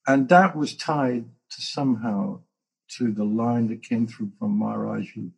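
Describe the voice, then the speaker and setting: A man with a gravelly, very raspy voice telling stories with animated, dramatic asides in a casual spiritual conversation. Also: medium pitch, measured pace.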